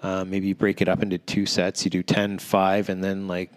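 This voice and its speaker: Low-voiced man coaching casually. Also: normal speed. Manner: relaxed, explanatory, steady coaching talk. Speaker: CrossFit coach and podcast host. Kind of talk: casual chat.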